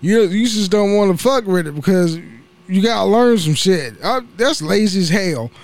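A young man with a notably high voice talks through his solo podcast in loose, casual chat. He rambles from topic to topic, swears freely and laughs at his own slips of the tongue. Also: expressive, normal speed. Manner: rambling, profane, laughs at himself. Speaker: podcast host.

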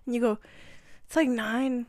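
A woman's voice: a little high, steady tone, unhurried, darkish tone, no room sound, clean studio sound. A young woman, co-hosting a casual chat, laughing often and teasing crudely. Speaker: podcast co-host.

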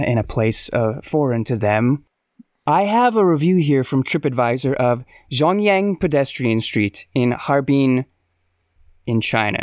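A man's voice: mid-range voice, no echo. A man co-hosting a podcast in casual, playful banter. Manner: dry, playful, reads reviews aloud. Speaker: podcast co-host. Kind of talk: casual chat.

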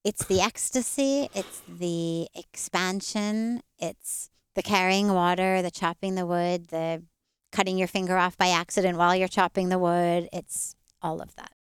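A woman author talking as an interview guest outdoors, measured, with dramatic pauses and swells. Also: lowish voice, steady tone, clear, resonant tone, no room sound, studio quality. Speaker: author and spiritual teacher.

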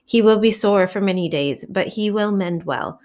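A woman's voice: mid-range voice, normal speed, a little mellow, close to an everyday voice. A woman voicing a dignified middle-aged father who speaks in a formal, polite way.

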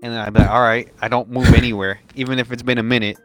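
A man's voice: mid-range voice, little pitch movement, very fast, faint music behind. A young man in casual chat, telling stories in an offhand way.

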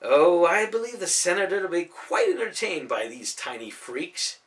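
A man's voice: high-pitched, animated, moderate pace, fairly bright tone, distant mic, pitched above the performer's own voice. A man voicing a wicked, sneering male villain in an audiobook, with a gloating, menacing delivery.

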